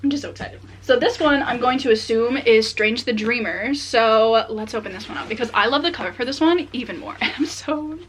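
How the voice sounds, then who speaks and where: A young adult woman vlogging casually as she unboxes books, excitable and chatty with many filler words. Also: a little high, fairly quick, few pauses, a little hiss or hum. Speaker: book vlogger.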